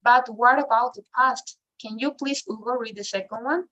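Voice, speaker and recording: A woman's voice: fairly high pitch, normal speed, sharp tone, dull audio. A woman teaching English grammar, often checking in with a questioning "right?" and slipping into now and then. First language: Spanish. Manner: mixes in Spanish, ends phrases with "right?". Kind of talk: online class explanation.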